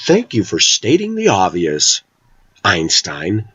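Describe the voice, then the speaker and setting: A man's voice: low-pitched, wildly swooping pitch, takes it slowly, a bit bright, slightly rough, no echo, muffled recording. A middle-aged man vlogging an opinionated monologue, talking with intensity and hard emphasis.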